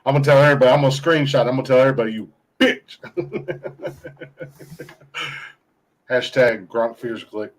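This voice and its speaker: A man's voice: mid-range voice, a little slow, long pauses, poor audio. A man from Ohio hosting a podcast in casual, crude, rambling chat, laughing often. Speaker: podcast host.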